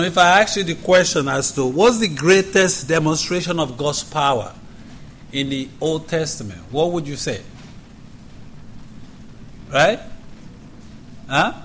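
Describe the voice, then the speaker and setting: A man, a pastor, leading a prayer and then preaching a sermon in a church, speaking deliberately and repeating questions for emphasis. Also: a little high, a bit bright, a little hiss or hum. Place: church sanctuary.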